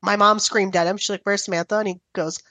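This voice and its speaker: A woman in casual podcast chat, telling lively family stories. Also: medium pitch, fairly quick, no echo. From Italian-American family. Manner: animated storytelling.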